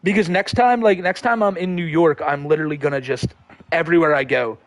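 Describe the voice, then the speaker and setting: A man's voice: fairly high pitch, brisk, dry recording. A man hosting a livestream, reading viewer comments in a rambling, profane, laid-back way. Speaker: livestream host.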